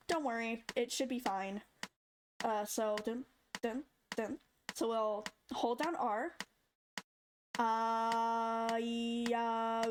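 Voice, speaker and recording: A young woman with a somewhat high voice casually walks through a step-by-step tutorial, chatting and demonstrating sounds as she goes. It's a casual screen-recorded tutorial with background noise.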